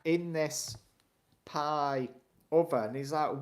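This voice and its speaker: A man's voice: mid-range voice, a little slow. A man, co-hosting a live stream and telling a rambling anecdote with frequent chuckles. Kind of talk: casual storytelling chat.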